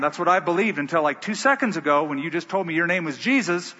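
Recorded in a dull, echoey hall, a man preaches with emphatic storytelling. His pitch is fairly high and his delivery animated and quick, bright and pushed, with hardly any pauses.

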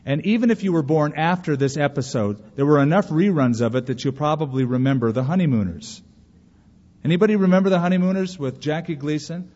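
A man's voice: a little high, animated, fairly quick, darkish tone. A male pastor from California, preaching a sermon in an earnest way with rhetorical questions and story asides. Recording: reverberant hall, dull lo-fi sound.

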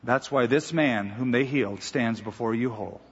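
Husky pastor preaching in a hall. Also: male voice, medium pitch. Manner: storytelling, measured and emphatic. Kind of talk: sermon. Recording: dull audio with long hall reverb.

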